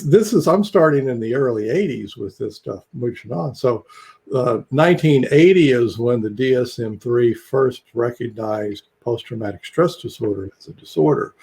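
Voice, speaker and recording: Husky older guy on a video call, rambles through stories, lots of uhs. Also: mid-range voice, unhurried, darkish tone. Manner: rambling storyteller with chuckles and fillers. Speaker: psychologist guest. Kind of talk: casual video call talk.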